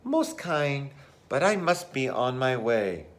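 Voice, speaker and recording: A man voicing a small, polite male mouse in a children's storybook reading, speaking softly and daintily. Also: mid-range voice, very animated, slow.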